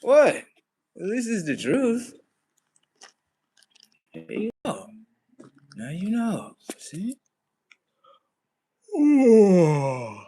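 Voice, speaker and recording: A man ranting on a live stream in a slangy, swearing, animated way. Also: sits high, extremely slow, pauses often, slightly rough. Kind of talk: profane live-stream rant.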